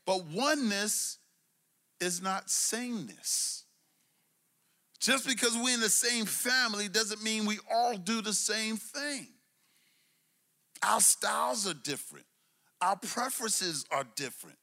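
A middle-aged man from Brooklyn, preaching a sermon with call-and-response, swinging between loud emphasis and low asides. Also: expressive, normal speed. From Brooklyn, New York. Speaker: pastor.

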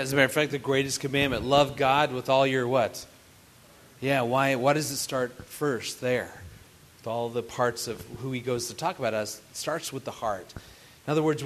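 A man's voice: medium pitch, slight background noise. A man in his forties teaching couples about marriage with an earnest, building delivery. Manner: earnest, builds to animated storytelling. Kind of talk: teaching to a live group.

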